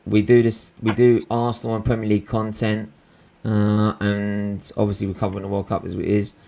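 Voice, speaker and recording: Gravelly low-voiced man. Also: level tone, moderate pace, dark tone. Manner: rambling, lots of fillers and slang. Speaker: host of a live football watchalong stream. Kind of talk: casual live-stream chat.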